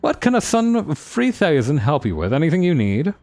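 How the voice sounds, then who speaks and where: A man's voice: fairly high pitch, wildly swooping pitch, brisk, a little mellow, voice pushed up. A man voicing a flamboyant, pompous male merchant prince in a fancy, theatrical voice. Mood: boastful. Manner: grandiose, showy.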